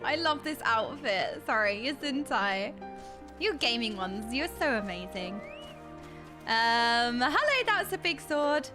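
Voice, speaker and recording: A woman's voice: fairly high pitch, very animated, slow pace, music in the background. A woman streaming a game, chatting casually with her viewers and reading their messages aloud. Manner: chatty, reads chat messages aloud, laughs often.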